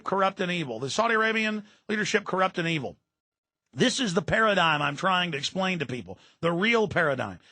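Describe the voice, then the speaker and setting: Radio host guy ranting hard, sharp forceful voice, stumbles over repeats, very dry mic. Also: sits high, dry recording. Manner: intense, ranting, repeats words when worked up. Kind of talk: political talk monologue.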